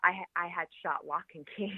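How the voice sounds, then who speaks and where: A woman, an actress being interviewed, chatting in a lively way and laughing often. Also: lowish voice, fairly quick, breathy edge, no echo. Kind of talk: casual interview chat. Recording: tinny phone-like line, dry.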